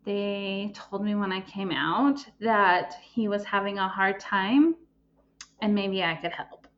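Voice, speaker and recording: A woman hosting her own podcast, telling a personal story with emotion and plenty of pauses and ums. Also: medium pitch, muffled recording. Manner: emotional, pausing, many ums. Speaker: podcast host and life coach.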